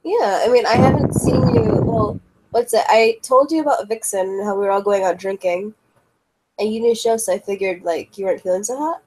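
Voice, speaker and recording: A woman's voice: medium pitch, moderate pace, a little mellow, slight background noise, close to an everyday voice, low-quality recording. A blunt, foul-mouthed young woman, played by a woman in a tabletop role-play. She talks loosely, in a mid-range voice, cursing without a second thought. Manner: casual, swears freely.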